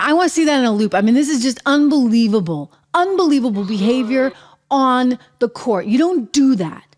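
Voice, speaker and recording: A woman hosting her own show, delivering emphatic, indignant commentary and repeating her points. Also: fairly high pitch. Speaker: show host. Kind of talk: opinionated commentary.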